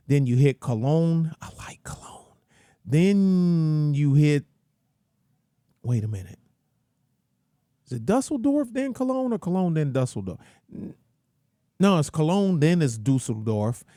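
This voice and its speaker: Male host, folksy and rambling, unhurried delivery with a dry, close sound. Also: medium pitch, mellow, no room sound. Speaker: channel host. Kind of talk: casual rant commentary.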